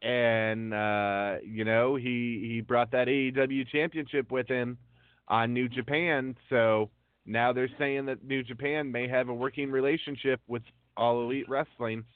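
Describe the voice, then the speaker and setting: A man's voice: mid-range voice, steady tone, unhurried, no room sound. A man hosting a wrestling news podcast in casual chat. He reads long lists of names unhurriedly, with many ums. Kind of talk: casual talk show chat. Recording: tinny phone-line audio.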